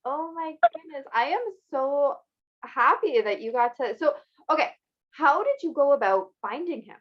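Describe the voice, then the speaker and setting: A woman's voice: high-pitched, expressive, normal speed. A woman hosting a casual interview, reacting with exclamations and questions over a video call. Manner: warmly reactive, exclamations and gasps. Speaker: interview host. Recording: slightly dull lo-fi sound.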